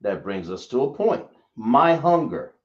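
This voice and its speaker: Slow-speaking male teacher, echoey room. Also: medium pitch, sing-song. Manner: talks slowly, checks understanding with questions. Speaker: language teacher. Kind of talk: classroom lesson. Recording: echoey room, dull lo-fi sound.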